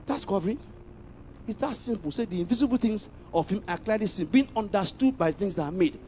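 A man's voice: sits high, animated, brisk. A man preaching a sermon, emphatic, often asking the congregation whether they follow him. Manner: emphatic, asks the congregation questions, bursts into loud exclamations. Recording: slightly muffled recording with faint background noise.

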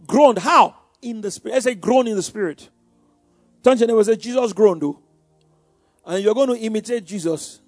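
A man preaching a sermon, calling out questions to the congregation and swinging from hushed tones to shouts. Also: high voice, brisk, no room sound, clean studio sound, faint music behind.

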